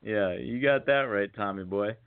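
A man's voice: lowish voice, moderate pace, clear, resonant tone. A man hosting a radio show, teasing his co-host in loose, playful banter. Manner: playful, teasing, reads aloud. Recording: tinny phone-like sound.

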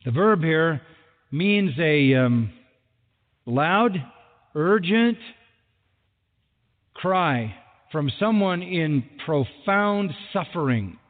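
A man's voice: on the high side, lively intonation, very slow, pauses often. A man preaching a sermon as a pastor, emphatic and driving points home with repeated phrases. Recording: thin phone-like sound with long hall reverb.

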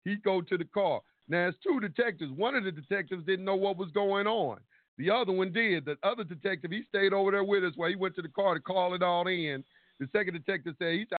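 A man's voice: sits high, quick pace, no echo. A man calling in to a radio talk show, telling a long story with energy, acting out what each person said and swearing casually. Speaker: caller. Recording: tinny phone line, dry.

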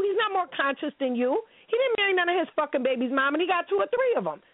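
A woman hosting a casual radio talk show, telling stories in a blunt, profane, animated way. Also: high voice, fast talker, few pauses, no echo. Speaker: host. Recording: tinny phone-like radio audio.

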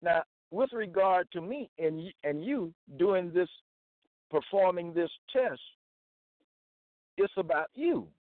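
A man teaching from scripture in a slow, deliberate way, repeating phrases and checking in with "okay?" and "all right?". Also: sits high, lively intonation, no echo. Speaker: self-styled Bible teacher. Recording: tinny phone-like dry sound.

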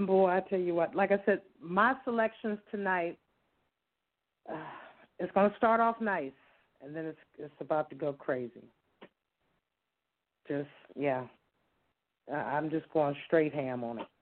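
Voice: medium pitch, steady tone, unhurried, pauses often. A co-host of a casual music show, introducing song picks in an easygoing, folksy way. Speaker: co-host picking songs. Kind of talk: casual radio-style chat. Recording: tinny phone-line sound.

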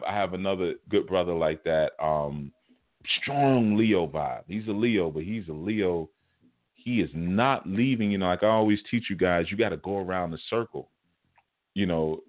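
A man teaching a spiritual class, telling stories in a casual, animated, colloquial way. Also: deep voice. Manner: animated, colloquial, chuckles mid-story. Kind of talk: casual storytelling lecture. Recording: phone-like narrow band audio.

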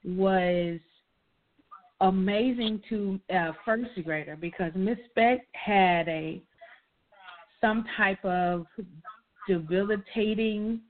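Woman reminiscing over a tinny line. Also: lowish voice. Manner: animated, reminiscing, emphatic. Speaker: co-host. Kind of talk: casual storytelling chat.

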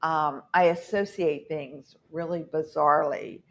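A woman with a low, gravelly voice chats casually as a podcast host, rambling through anecdotes and acting out the quotes. The audio is muffled and lo-fi. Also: fairly even intonation, unhurried. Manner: rambling, storytelling with acted-out quotes. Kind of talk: casual chat.

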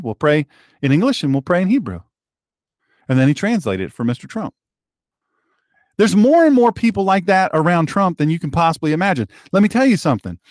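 A male talk show host delivers a heated, sarcastic monologue, his voice sitting a little high and swinging animatedly up and down. He often doubles back and repeats himself, and the sound is dry and close. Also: no echo. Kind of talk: political commentary monologue.

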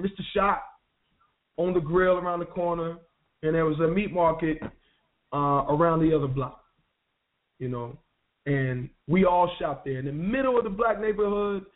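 High-voiced man telling stories over phone. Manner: conversational, street slang, frequent restarts. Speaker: radio show guest. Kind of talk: personal storytelling. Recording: tinny phone line.

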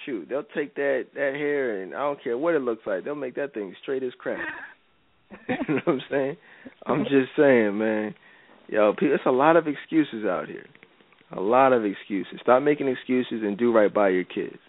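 A man hosting a faith-based advice talk show, preaching in a loose and slangy way. His voice sits in an ordinary middle pitch. It comes through dry and tinny, like a phone line. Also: lively intonation, moderate pace, no echo. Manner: casual slangy preaching, repeats "you know what I'm saying". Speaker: radio show host.

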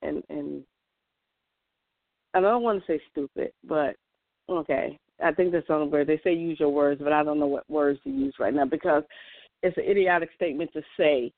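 A woman's voice: low-pitched, moderate pace, no echo. Woman talking emphatically over a tinny line. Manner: earnest and emphatic, with frequent restarts. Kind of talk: casual monologue to camera. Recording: tinny, dry phone-like sound.

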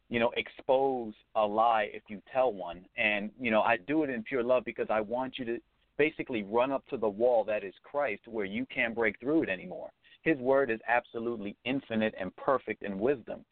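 A man's voice: medium pitch, no echo. A man speaking as a guest, giving a sincere, preacherly testimony with some hesitant fillers. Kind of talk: earnest testimony. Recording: tinny phone-line audio.

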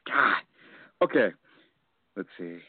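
A man co-hosting a podcast in casual chat, mulling choices aloud and getting excited about them. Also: on the low side, slow pace, husky, no room sound. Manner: deliberating aloud, enthusiastic. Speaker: podcast co-host. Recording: tinny phone line, dry.

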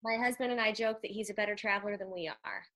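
A woman's voice: mid-range voice, fairly even intonation, quick pace. A woman hosting a casual podcast chat, agreeing and adding short remarks. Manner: warm agreeing interjections, light laughs.

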